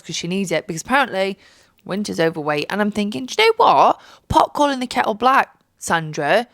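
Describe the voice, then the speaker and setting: A woman's voice: mid-range voice, no echo, studio quality. A young woman with a stuffy cold, tired and jet-lagged, chatting from her bed in a sweary, jokey way. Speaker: podcast host. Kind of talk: casual chat. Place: bedroom.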